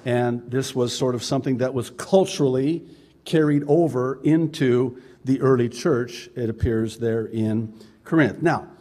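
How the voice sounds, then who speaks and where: A man preaching a sermon as pastor, talking with joking asides and loud mimicked quotes. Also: medium pitch, a little slow.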